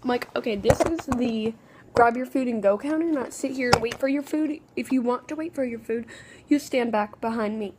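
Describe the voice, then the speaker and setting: A woman's voice: fairly high pitch, moderate pace, background noise. A woman, telling a rambling, exasperated story in a casual vlog. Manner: rambling, exasperated, full of "okay" restarts. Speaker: vlogger.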